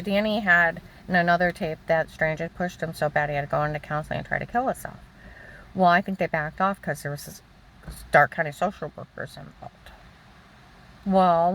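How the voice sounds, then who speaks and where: A woman's voice: on the low side, a bit bright, a little hiss or hum. An older woman giving a rambling, emotional personal testimony about her own life. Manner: rambling, emotional, halting storytelling.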